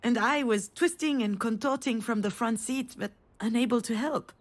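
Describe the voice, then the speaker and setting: A woman voicing a mother in a video game, telling a family memory in a warm storytelling manner. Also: a little high, moderate pace, natural voice. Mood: tender. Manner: warm storytelling, rising to excited cries. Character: tender mother remembering a family trip.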